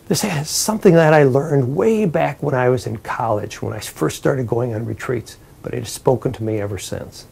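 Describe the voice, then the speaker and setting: A priest telling a parable in a lively, animated storytelling sermon. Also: male voice, medium pitch, vocal fry, husky.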